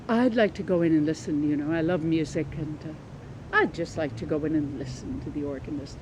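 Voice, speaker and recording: A woman voicing a polite Canadian widow on a tour, gentle and a little hesitant. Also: low-pitched, a little fast, noisy background, pitched below the performer's own voice, natural voice. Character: polite Canadian widow traveller, music lover.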